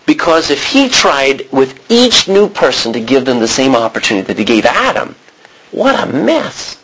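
An American man teaching a Bible sermon in a conversational way, often restarting and clearing his throat. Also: mid-range voice, sing-song, normal speed, a bit bright, low-quality recording. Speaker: preacher.

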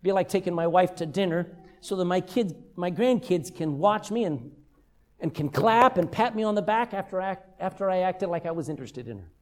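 A man's voice: high-pitched, fairly quick. An older man preaching a sermon as a pastor, telling stories with humor. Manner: humorous, lively storytelling.

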